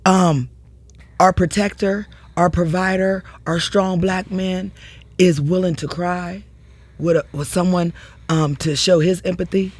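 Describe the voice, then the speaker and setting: A woman's voice: on the low side, fairly even intonation, measured pace, a little mellow. A woman speaking as a podcast guest in an emotional conversation, earnest and heartfelt with casual slang.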